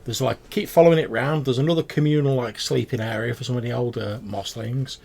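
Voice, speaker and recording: A man's voice: mid-range voice, fairly even intonation, a little fast, gravelly, a little mellow. A man voicing a fawning rat-faced male goblin merchant who stammers through eager sales patter. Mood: chatty.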